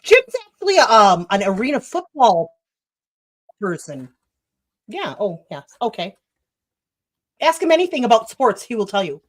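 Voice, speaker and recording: A woman's voice: medium pitch, sing-song, measured pace, pauses often. A woman hosting a casual livestream chat, talking loosely and offhand with guests and laughing easily. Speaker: livestream host.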